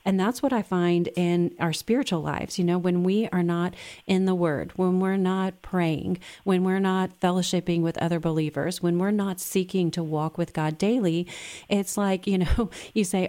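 A woman's voice: lowish voice, fairly even intonation, moderate pace, dark tone. A woman hosting a radio talk show, chatty and conversational with her guest and callers.

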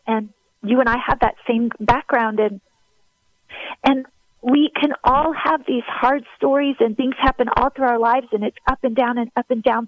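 Woman guest, ministry leader, earnest and preacherly, fairly high voice, dry remote recording. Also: dry recording, highs cut off. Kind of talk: heartfelt faith conversation.

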